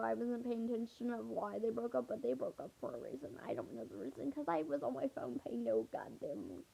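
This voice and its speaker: A woman's voice: a little high, gravelly. A woman telling a rambling storytime, swearing often and leaning on "I'm like" as she goes. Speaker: vlogger. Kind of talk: storytime chat. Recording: tinny phone-like sound.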